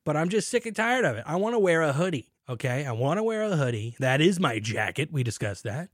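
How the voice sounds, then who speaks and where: A man's voice: a little high, fairly quick, no room sound. Young guy rambling on his beer podcast, voice bouncing all over, dry close mic. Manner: animated, jokey, bursts into shouts and mock announcer voice. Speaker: podcast host. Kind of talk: casual beer podcast chat.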